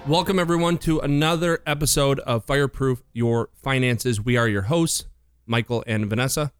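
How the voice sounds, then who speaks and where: A man's voice: mid-range voice, moderate pace, soft background music. A man co-hosting a radio show, chatting casually on air with playful, teasing banter.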